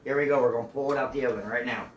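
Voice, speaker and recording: A man's voice: mid-range voice, steady tone, racing, a little hiss or hum. A man hosting a casual cooking demonstration at home, chatty and playful. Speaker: cooking show host. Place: home kitchen. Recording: echoey home kitchen.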